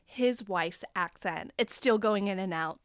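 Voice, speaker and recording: Woman host, mid pitch, gossipy chat, dry close recording. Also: measured pace, clear, resonant tone, dry recording. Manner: chatty, gossipy, heavy use of "like". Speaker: podcast host. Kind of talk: casual chat. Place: Los Angeles area.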